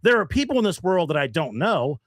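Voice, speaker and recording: A man's voice: fairly quick, no echo, clean studio sound. A man co-hosting a podcast in casual chat, telling a bar story and acting out the quotes with big jumps in voice. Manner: animated, acts out quotes with big jumps up in pitch. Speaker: podcast co-host.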